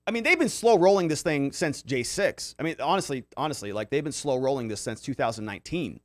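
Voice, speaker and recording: A man's voice: medium pitch, expressive, fairly quick, no room sound, studio quality. A man hosting a casual commentary livestream, reading viewer comments aloud and reacting in a loose, conversational way with many fillers. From Arizona. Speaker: livestream host reading chat.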